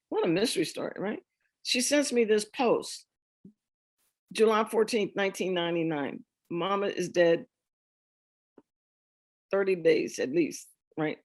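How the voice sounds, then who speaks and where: A middle-aged woman telling her family history to an audience, lively and laughing often as she acts out the conversations. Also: mid-range voice. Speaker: speaker sharing a family memoir. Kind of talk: storytelling talk with slides.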